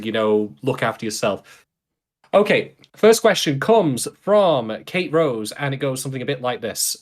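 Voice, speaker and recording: Rambling English man co-hosting a podcast. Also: mid-range voice. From England. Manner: rambling, repeats words, laughs while joking. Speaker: podcast co-host. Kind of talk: casual podcast chat.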